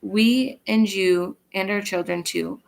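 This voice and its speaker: A woman reading the lines of a determined grown brother who vows to protect his sibling, in an earnest, steady reading voice. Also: mid-range voice, slow, vocal fry, rough recording. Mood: pleading.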